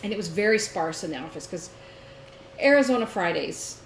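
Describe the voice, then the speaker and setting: A woman co-hosting a casual chat show, telling stories in an animated way and laughing often. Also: fairly low pitch, brisk. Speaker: podcast co-host. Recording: roomy echo, faint noise.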